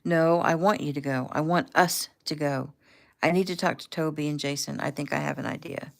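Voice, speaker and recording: A woman's voice: low-pitched, fairly even intonation, normal speed, gravelly. A woman reading the lines of a blunt, protective husband, terse and urgent.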